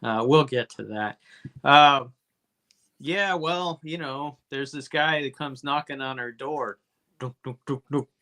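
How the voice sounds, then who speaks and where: Brief: male podcast co-host, bright and punchy, profane rambling recap. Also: medium pitch, slow pace. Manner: profane, rambling, jokey asides. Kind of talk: casual comedy movie review.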